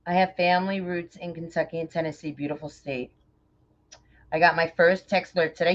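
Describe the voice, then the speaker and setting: A middle-aged woman from New York with a New York accent, chatting warmly and effusively with viewers by name while crafting on a livestream. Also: on the low side, fairly even intonation, brisk. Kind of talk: casual livestream chat while crafting bows. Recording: dull lo-fi livestream audio.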